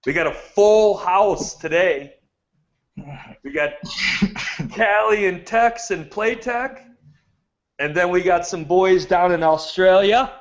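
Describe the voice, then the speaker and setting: Man, chicago accent, podcast host, slow easygoing talk, slightly high voice, dull lo-fi sound. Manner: loose, joking, unhurried. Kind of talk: casual podcast chat.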